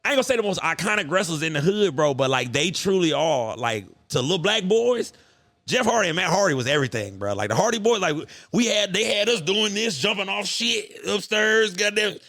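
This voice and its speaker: A man hosting a podcast, telling stories in an animated, profane way. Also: sits high, fairly quick, no room sound. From United States. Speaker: podcast host. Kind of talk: casual podcast chat.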